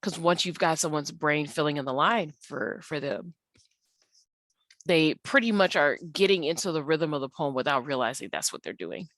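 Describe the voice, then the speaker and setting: Woman teacher, low voice, dry close sound, patient slide walkthrough, lots of ums. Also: normal speed, a bit bright, no room sound. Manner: patient, explanatory, with frequent ums and uhs. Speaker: English teacher. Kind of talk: online tutorial walkthrough of slides.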